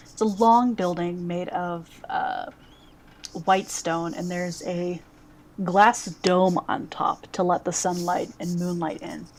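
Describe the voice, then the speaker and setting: A woman narrating a tabletop game as game master, describing scenes in a halting way with frequent pauses. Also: fairly low pitch, a little hiss or hum. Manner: halting, many fillers and restarts while describing scenes.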